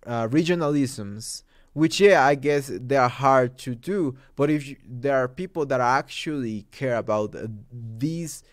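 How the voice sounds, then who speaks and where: A man's voice: medium pitch, clean tone, no room sound, studio quality. Mexican man, emphatic talker. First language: Spanish. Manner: emphatic, conversational, with many asides. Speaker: host. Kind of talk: opinion commentary.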